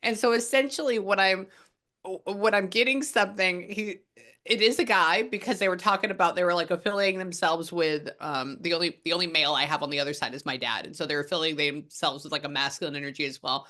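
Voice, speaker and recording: A woman psychic talking a client through a spirit reading in a loose, rambling way, dropping swear words. Her voice is bright and forceful. She keeps the talk casual and chatty throughout. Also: fairly low pitch, fairly even intonation, fast talker. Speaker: psychic medium.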